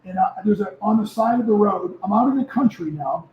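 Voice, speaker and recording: A man in his seventies, a former football player, telling stories as a guest in a casual interview, lively and prone to repeating himself. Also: high-pitched, a little fast, slight background noise. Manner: animated storyteller who repeats words. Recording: echoey, muffled remote audio.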